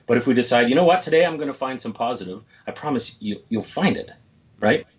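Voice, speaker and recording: A man's voice: medium pitch, expressive, quick pace, highs cut off. A man in his forties, a motivational speaker, telling stories in a reflective, upbeat way during a casual interview.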